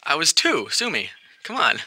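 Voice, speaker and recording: A man's voice: on the high side, huge pitch swings, moderate pace, sharp tone. A man voice actor joking between recording takes in a playful, self-mocking way.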